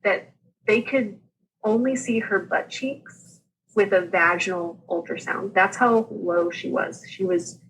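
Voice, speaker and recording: A woman, speaking as a podcast guest. She tells her story in a lively, laughing manner and acts out the dialogue as she goes. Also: mid-range voice, slow pace, gravelly, rough recording. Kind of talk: casual storytelling.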